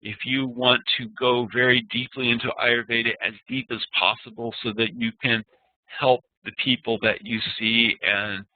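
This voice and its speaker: A man's voice: mid-range voice, flat delivery, moderate pace, dry recording. A man teaching an online class, explaining patiently and spelling out sounds one by one. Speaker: Ayurveda instructor. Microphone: computer mic on a web meeting. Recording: dry, tinny web-meeting audio.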